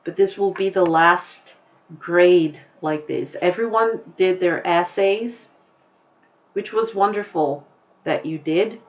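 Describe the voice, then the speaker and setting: A woman teacher talks her students through a lesson at a very unhurried pace, with a slightly low voice. She explains patiently and leans on examples. The recording sounds dull and lo-fi, as if made at home for an online class. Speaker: English teacher.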